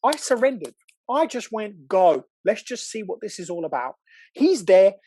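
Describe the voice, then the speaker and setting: A man, a podcast guest telling a personal story in casual chat, animated, swearing now and then and acting out what people said. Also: high-pitched, normal speed, slight background noise. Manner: animated, excitable, swears, acts out quotes.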